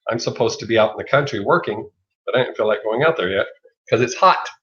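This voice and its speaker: A man's voice: mid-range voice, fast talker, fairly bright tone. A middle-aged man with a Southern US accent, chatting casually on a livestream, rambling, swearing freely and laughing often. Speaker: livestream host. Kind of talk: casual live chat. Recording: lo-fi dull sound.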